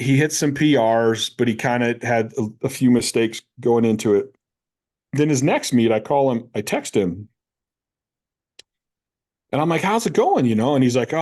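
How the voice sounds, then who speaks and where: A man in his fifties, a powerlifting coach, talks casually on a podcast. He tells stories with energy and acts out both voices in the conversations he recounts, in a voice of ordinary pitch for a man. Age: 50s. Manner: animated storyteller who acts out both sides of conversations.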